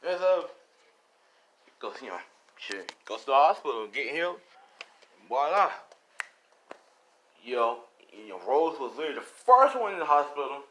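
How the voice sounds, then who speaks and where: A man's voice: on the high side, very animated, moderate pace, pauses often, fairly bright tone, slight background noise. A man casually retelling a fan story, rambling and swearing as he goes. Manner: rambling, profane, laid-back. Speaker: storyteller youtuber.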